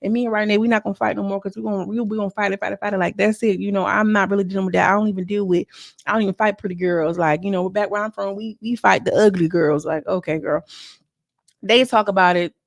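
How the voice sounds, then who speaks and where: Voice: medium pitch, fairly even intonation, fast, vocal fry, no room sound, studio quality. A vlogger recapping a reality show in a casual, slangy, gossipy way, talking straight to the viewers. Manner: slangy, chatty, addresses viewers as girl. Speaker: show reviewer.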